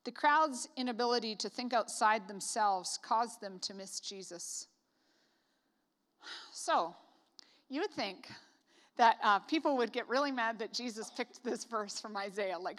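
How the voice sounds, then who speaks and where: A woman's voice: fairly high pitch, measured pace, a bit bright. Chatty Canadian woman preaching in a hall. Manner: chatty, joking asides with frequent "like". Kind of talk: casual sermon. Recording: reverberant hall.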